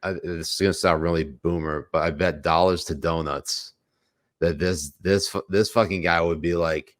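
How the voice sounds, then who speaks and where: Deep-voiced sarcastic podcast host. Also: male voice, fairly even intonation, moderate pace, no echo, studio quality. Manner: sarcastic, profane commentary. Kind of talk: political podcast banter.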